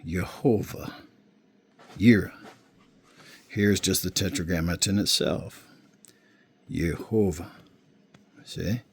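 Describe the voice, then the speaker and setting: Low husky guy walking through a bible lesson, slow and chatty, keeps asking if you see it. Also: a bit bright. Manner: slow, unhurried explaining with frequent check-ins. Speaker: Bible teacher. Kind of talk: informal screen-share teaching.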